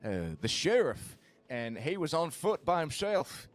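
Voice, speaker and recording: A man's voice: on the high side, very animated, unhurried. A man playing a nervous, self-deprecating frontier man who rambles and swears in a western roleplay. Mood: chatty.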